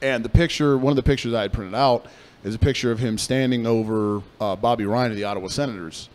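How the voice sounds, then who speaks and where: A young man co-hosting a casual radio chat, telling a story in a profane, animated way. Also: mid-range voice, fast talker. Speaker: podcast co-host.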